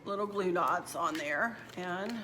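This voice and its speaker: A middle-aged woman with a fairly low voice talks slowly over a noisy background. Hosting a home decor channel from indoors at home, she chats casually with viewers, calling them y'all, while showing off her fall decorating and crafts.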